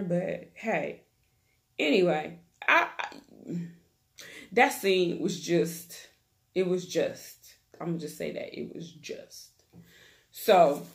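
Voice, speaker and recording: A woman's voice: mid-range voice, creaky. A woman hosting her own channel, recapping a reality show in a chatty, gossipy, slangy way. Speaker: YouTube TV recap host. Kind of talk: casual reality-TV recap chat.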